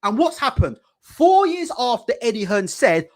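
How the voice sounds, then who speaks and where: A man's voice: very high-pitched, big pitch swings, moderate pace, few pauses. A British man hosting a boxing channel, ranting in live commentary with heated, profane rhetorical questions. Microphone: desk mic.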